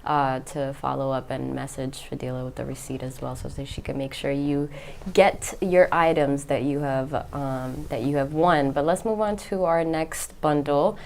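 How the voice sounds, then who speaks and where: A woman's voice: very deep voice, steady tone, moderate pace, vocal fry, darkish tone, slight background noise. A woman co-hosting a livestream charity auction, chatty and upbeat with frequent "um"s. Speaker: fundraiser co-host.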